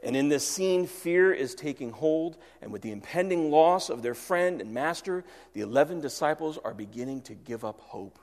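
Male pastor, earnest sermon delivery, higher voice, long reverb. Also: lively intonation, moderate pace, few pauses. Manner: earnest, swings from loud to hushed.

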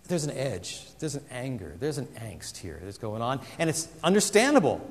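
A man preaching a sermon, animated and dramatic, acting out the voices he quotes. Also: mid-range voice, a little fast, hardly any pauses, in a large hall. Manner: animated, acts out quoted voices with big swings. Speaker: pastor.

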